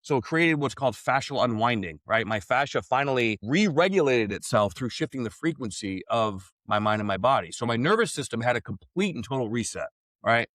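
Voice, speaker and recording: A man's voice: mid-range voice, animated, fairly quick, a bit bright, dry recording. A man speaking as a podcast guest, telling his story in an earnest, reflective way, with frequent "like" and "right?" in his casual speech.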